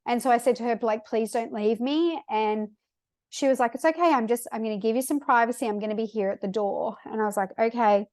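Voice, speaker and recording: Young female podcast host, higher voice, dry close mic, chatty confessional storytelling. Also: darkish tone, no room sound. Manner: chatty, frequent "like" fillers, emotional. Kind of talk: personal storytelling, casual.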